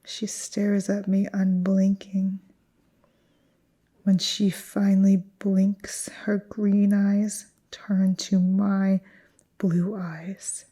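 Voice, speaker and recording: A woman narrating a first-person horror story in a tense, hushed, often whispered voice. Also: medium pitch, little pitch movement, takes it slowly.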